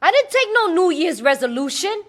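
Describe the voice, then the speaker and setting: A woman's voice: extremely high pitch, big pitch swings, moderate pace. A woman giving a blunt, streetwise personal testimony to a recovery meeting, laughing often as she talks.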